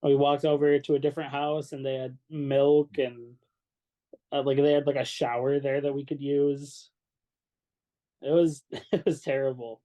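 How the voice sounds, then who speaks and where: A man's voice: medium pitch, flat delivery, measured pace, mellow. A man who is a band's drummer, telling a story in casual chat with lots of "like" and frequent laughter. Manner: laughs often and fills speech with "like". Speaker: band drummer, guest.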